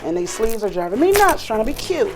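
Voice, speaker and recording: A woman's voice: fairly high pitch, very animated, quick pace, darkish tone. A middle-aged woman hosting a casual cooking vlog in her home kitchen, chatty and teasing, talking to viewers as y'all. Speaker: cooking show host. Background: music and family chatter.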